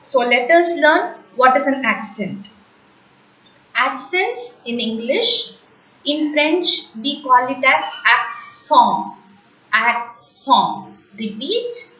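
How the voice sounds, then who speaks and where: Woman, high voice, unhurried language teacher who repeats terms for beginners; distant, dull lo-fi recording. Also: animated, bright, forceful tone, echoey room. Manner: slow, patient, repeats words for learners to copy. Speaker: French teacher.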